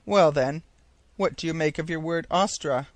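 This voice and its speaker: A man's voice: a little high, normal speed, dry recording, natural voice. A man voicing a skeptical army major who questions and challenges. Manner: doubtful, challenging. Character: skeptical older male army major, dry.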